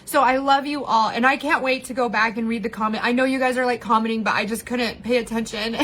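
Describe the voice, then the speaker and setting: High-voiced woman speaking candidly. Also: fairly even intonation, fast, fairly bright tone, a little hiss or hum. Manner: candid, heartfelt, tearful at moments, laughs often. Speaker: vlogger sharing personal story. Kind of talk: emotional live-stream monologue.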